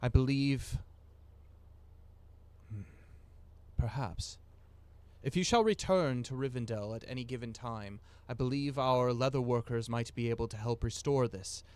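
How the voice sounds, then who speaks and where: A man's voice: medium pitch, a little mellow, clear, resonant tone, lightly acted. A man voicing a courteous male noble lord who speaks formally. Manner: formal, measured.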